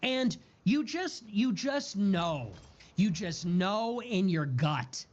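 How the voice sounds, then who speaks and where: Speaking slowly in a voice that sits high with big pitch swings, a political streamer launches into a heated, profanity-laced monologue. He repeats and piles up words so the rhythm keeps building, all captured in dull, lo-fi audio.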